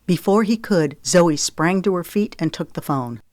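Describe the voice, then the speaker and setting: A woman narrating a romance novel in a steady, expressive audiobook reading. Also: on the low side, normal speed, no echo, clean studio sound. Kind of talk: scripted narration.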